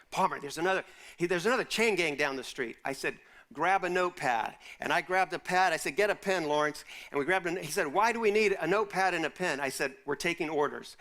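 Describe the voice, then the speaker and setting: A pastor preaches to a live audience and moves between teaching and a vivid personal story, voicing the people in it. His voice is bright and forceful and sits a little high for a man. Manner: animated storyteller, acts out quoted voices. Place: university chapel or auditorium.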